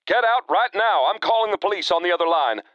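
A man's voice: mid-range voice, lively intonation, moderate pace, no room sound, lo-fi sound, pitched above the performer's own voice, close to an everyday voice. Man doing an urgent, barking husband. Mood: alarmed. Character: alarmed husband on the phone, middle-aged.

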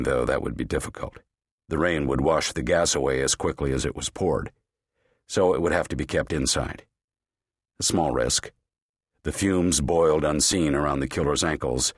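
Very deep, husky male narrator. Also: no echo, studio quality. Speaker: audiobook narrator. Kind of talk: scripted audiobook narration.

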